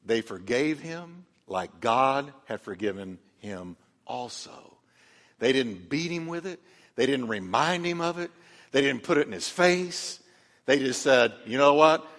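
A man's voice: medium pitch, lively intonation, unhurried, fairly bright tone, big-room sound. A man preaching a sermon as pastor, emphatic and calling on the congregation to respond.

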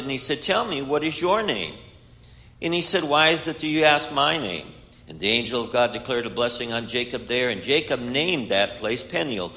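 A man's voice: medium pitch, vocal fry, sharp tone. A man preaching a sermon, retelling a Bible story and voicing its characters. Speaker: guest preacher. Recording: hall reverb.

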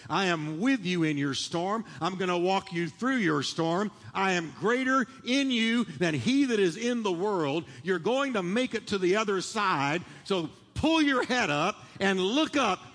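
A man delivering a sermon in a church sanctuary, calling on the congregation to repeat lines back to him. His voice sits a little high for a man and swells with fervor, and a long reverb trails behind every phrase. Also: fairly bright tone. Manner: preaching with rising fervor, leading the congregation in call-and-response. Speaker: pastor.

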